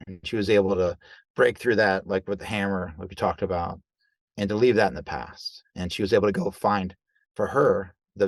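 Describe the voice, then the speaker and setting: A man, a guest coach, telling stories in a loose, conversational way, acting out quoted dialogue with lively jumps in voice. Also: low voice, dry recording. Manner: animated, acts out quoted dialogue; loose, conversational with fillers like right and like. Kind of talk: casual storytelling in an interview.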